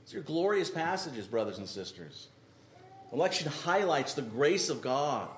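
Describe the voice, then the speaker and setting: A man preaching a sermon, emphatic, often checking in with the congregation with a quick "right?". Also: on the high side, very animated. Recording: echoey room with faint noise.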